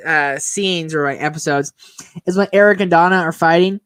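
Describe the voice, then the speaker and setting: Young male co-host, relaxed casual talker, dry close recording. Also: fairly high pitch, moderate pace, smooth, no room sound. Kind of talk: casual live-stream chat.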